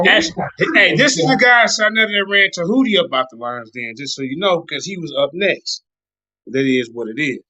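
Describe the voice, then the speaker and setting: A man's voice: fairly high pitch, pushed and bright. A man hosting a live online debate stream, introducing panelists with hype and energy. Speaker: host. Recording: dull lo-fi stream audio.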